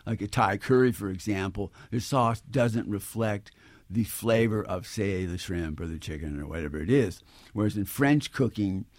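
Male chef guest, low voice, dry studio mic, easygoing explainer on call-in radio. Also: a little mellow, no echo. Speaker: chef and cookbook author guest.

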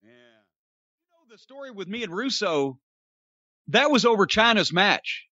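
An older man rants on a podcast in a high, bright voice, swearing freely and sarcastic throughout. The sound is dry and a little dull, close and without room echo. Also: big pitch swings, a little slow. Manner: profane, ranting, sarcastic storyteller. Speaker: podcast host. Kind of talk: casual podcast rant.

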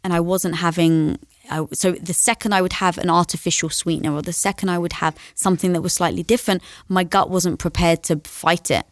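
A young adult woman as an interview guest, telling a personal story in a casual, animated way. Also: lowish voice, fairly quick, few pauses, no echo, clean studio sound. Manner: animated storyteller who acts out quoted dialogue.

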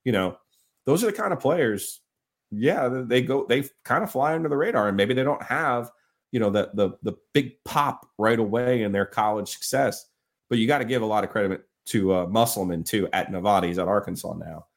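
A man's voice: on the low side, brisk. A man co-hosting a sports podcast, telling stories casually and laughing often. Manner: storytelling, acts out quotes, laughs often. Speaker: podcast co-host.

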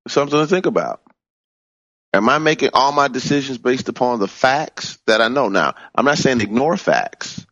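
A man teaching in a sermon style, stressing key words by swooping up in pitch and repeating phrases. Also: animated, moderate pace, a bit bright, no echo, dull audio. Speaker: minister teaching from a book.

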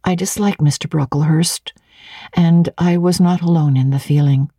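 A woman voicing an earnest eighteen-year-old governess who answers quietly and plainly. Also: low voice, steady tone, moderate pace, slightly rough, no room sound, studio quality, voice pushed up.

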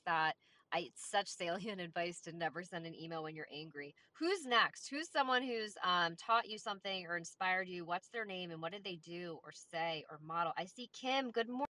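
A woman hosting a live audio room, energetic and coaxing as she invites people to speak. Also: fairly low pitch, a little fast. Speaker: host.

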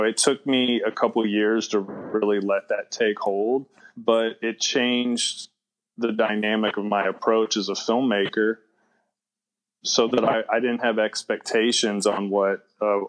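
A man's voice: on the low side, poor audio. A younger man, a filmmaker guest, talking casually in a rambling way, full of "you know". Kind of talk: casual interview chat.

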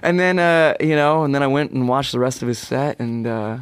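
A man in his twenties, a singer, excitedly telling a story in an interview and acting out quotes. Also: mid-range voice, brisk, clean tone, no echo, clean studio sound. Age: 20s. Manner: animated, swears, acts out quotes in whispers. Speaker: guest singer.

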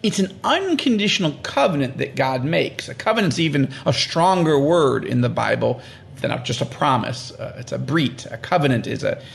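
A man explaining the Bible in an interview, emphatic and animated, acting out quoted voices and repeating phrases for stress. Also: on the high side, normal speed, creaky, a little hiss or hum. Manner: animated, acts out quoted prayers and God's words. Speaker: guest explaining scripture. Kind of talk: conversational interview.

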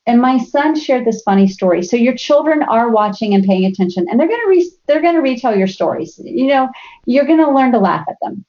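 A middle-aged woman with a fairly high voice tells family stories as a podcast guest. She is animated and acts out her family's voices. The audio is a little muffled and lo-fi. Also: brisk. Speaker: guest speaker. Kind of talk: storytelling in a podcast interview.

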